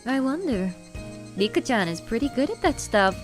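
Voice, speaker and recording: A woman reading a visual novel aloud, voicing a gentle, cheerful teenage girl with light, friendly teasing. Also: on the high side, sing-song, moderate pace, soft background music.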